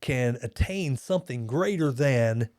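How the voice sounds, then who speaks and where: A man's voice: mid-range voice, expressive, unhurried, darkish tone, no echo, studio quality. Earnest man hosting a casual chat. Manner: earnest, reflective, rambling. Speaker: podcast host.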